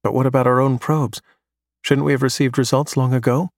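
A man voicing a bright young male pupil who recites facts eagerly. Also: mid-range voice, flat delivery, brisk, dry recording, studio quality, natural voice. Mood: earnest.

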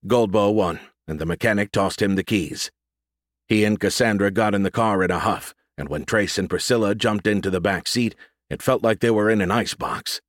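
A man narrates an audiobook in a steady, measured voice on the low side. The recording is close and dry, with no room sound. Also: dry recording.

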